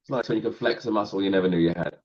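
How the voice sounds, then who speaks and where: A male comedian, guesting on a podcast, talks very fast in a low, darkish voice over lo-fi sound. He rambles casually, pokes fun at himself, and laughs often.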